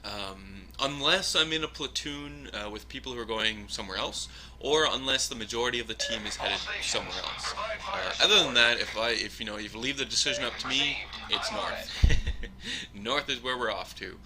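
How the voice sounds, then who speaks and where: A man giving casual, rambling live commentary over his own gameplay, chuckling often and filling pauses with ums. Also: mid-range voice.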